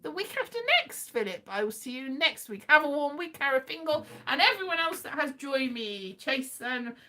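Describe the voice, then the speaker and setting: A woman's voice: high voice, expressive, moderate pace, sharp tone. A woman hosting a casual live chat, rambling and self-mocking, now and then breaking into sung lines. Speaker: livestream host.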